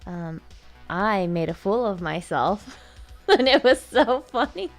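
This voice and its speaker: A woman's voice: mid-range voice, animated, slow, faint music behind. A woman in casual chat, telling a story and laughing through it. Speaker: co-host, married to the other host.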